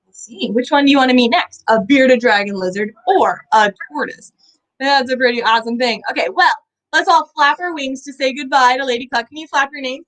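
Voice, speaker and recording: A young woman hosting a live kids' lesson with animals, bubbly and full of questions for viewers, her voice a little hoarse. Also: high-pitched, fairly quick, fairly bright tone, low-quality recording. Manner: bubbly, asks viewers questions, sing-song sound effects. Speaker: children's animal educator.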